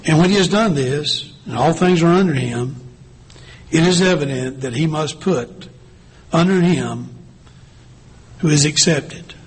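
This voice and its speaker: Male pastor, husky slightly raised voice, slow measured sermon delivery. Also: on the high side, low-quality recording. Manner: slow, deliberate preaching with drawn-out pauses.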